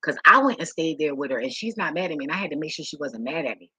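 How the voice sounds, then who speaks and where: A woman's voice: low voice, lively intonation, rapid-fire, sharp tone, husky, dry recording, poor audio. A woman vlogger telling personal stories straight to the camera, frank and full of swearing, who repeats words when she gets emotional. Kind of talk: candid personal storytelling to camera.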